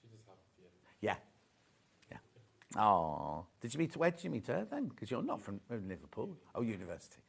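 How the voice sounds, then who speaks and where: Chatty, lively man hosting a sales show. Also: fairly low pitch, fairly quick, vocal fry, husky. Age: middle-aged. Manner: gushing, chatty, teasing the crew. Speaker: shopping channel host. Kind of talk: live sales presentation, chatty banter. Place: TV studio.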